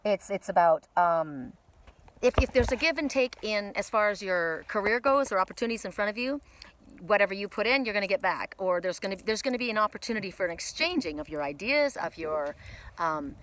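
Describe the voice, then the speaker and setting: A woman's voice: mid-range voice, lively intonation, brisk, fairly bright tone. A woman in her fifties doing a casual oracle card reading outdoors in a windy mountain forest, chatty and rambling with frequent repeats. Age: 50s.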